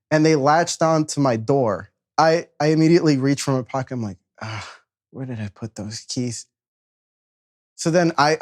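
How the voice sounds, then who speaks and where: A young man from Chicago telling a story about himself in a loose, animated way, acting out voices, laughing at himself and swearing freely. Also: fairly high pitch. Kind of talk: casual spoken storytelling.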